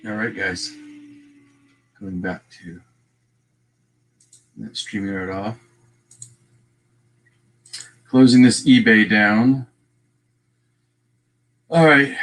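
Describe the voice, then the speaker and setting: A Texan man with a bright, forward voice runs a casual livestream. He chats loosely, greets viewers by name and talks to the chat while he works. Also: on the low side, slow, pauses often. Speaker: livestream host.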